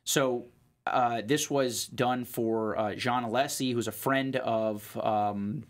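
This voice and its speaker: A man's voice: medium pitch, steady tone, takes it slowly. A man co-hosting a show as a watch trader, talking in a rambling casual way with lots of fillers and restarts. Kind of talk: casual chat.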